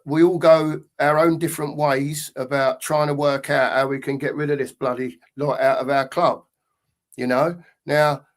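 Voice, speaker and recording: Male co-host, slightly high voice, rambling, thinks aloud. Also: level tone, moderate pace. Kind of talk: casual football fan chat.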